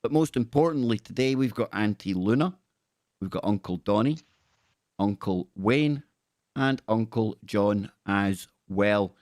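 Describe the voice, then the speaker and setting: A man's voice: lowish voice, lively intonation, a little mellow, dry recording, clean studio sound. Man hosting a live stream. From Scotland. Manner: chatty, repeats himself, quick thanks. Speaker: host. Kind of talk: casual live-stream chat.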